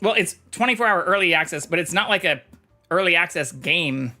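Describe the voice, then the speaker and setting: A man's voice: high-pitched, expressive, a little fast, bright, forceful tone, faint music behind. A man chatting casually on a live stream, reading chat aloud and swearing freely. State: talking with mouth full.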